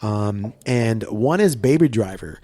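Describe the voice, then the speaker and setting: A man's voice: on the low side, lively intonation, takes it slowly, warm tone. A man as a podcast guest, chatting enthusiastically, rambling and swearing heavily. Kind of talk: casual podcast chat.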